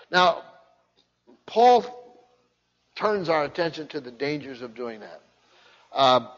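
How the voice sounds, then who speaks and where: Emphatic preacher in an echoing hall. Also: male voice, fairly high pitch. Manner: emphatic, repeats key phrases, frequent restarts. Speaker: pastor. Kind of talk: expository sermon. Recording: muffled sound with long hall reverb.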